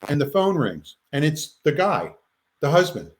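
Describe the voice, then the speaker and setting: Male interview guest, higher voice, animated storyteller who acts out the quotes. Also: normal speed, low-quality recording. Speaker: guest researcher.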